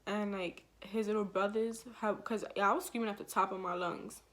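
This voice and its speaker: A woman's voice: medium pitch, fairly even intonation, moderate pace, fairly bright tone. A woman vlogger telling a storytime vlog in casual, slangy speech full of fillers, retelling it with emotion.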